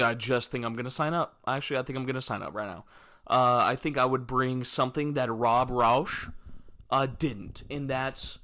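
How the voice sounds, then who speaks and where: A young man hosting a solo podcast, rambling through comic stories and acting out scenes in yelpy high voices, self-mocking and loose. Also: sharp tone. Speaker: podcast host. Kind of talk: solo comedic podcast monologue.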